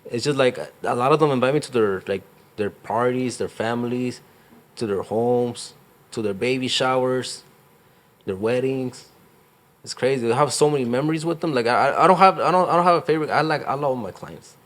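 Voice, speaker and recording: A man's voice: medium pitch, a little fast, a bit bright. A young man, a real estate agent, talking casually in an interview, rambling with lots of fillers and slang. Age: young adult.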